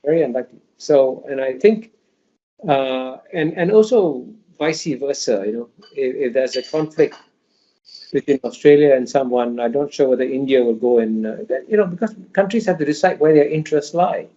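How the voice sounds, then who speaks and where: A man's voice: medium pitch, moderate pace, mellow. A man giving emphatic interview answers in a lecturing way, often restarting his sentences. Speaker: interview guest. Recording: dull lo-fi audio.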